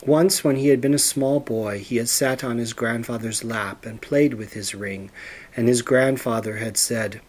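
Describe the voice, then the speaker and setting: A man narrating a storybook in a steady, measured reading voice. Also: mid-range voice.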